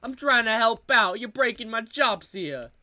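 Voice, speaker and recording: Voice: medium pitch, lively intonation, a little slow, bright, forceful tone, no room sound. Someone putting on a brash Italian-American storyteller. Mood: mock-stern. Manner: choppy exaggerated Italian-American accent, comic bits. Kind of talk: comedy bits during a game stream.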